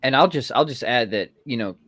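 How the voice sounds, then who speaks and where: A man's voice: mid-range voice, animated, brisk, fairly bright tone, no echo. A man hosting a podcast, upbeat and affirming, reading out listener questions. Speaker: podcast host. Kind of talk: casual podcast chat.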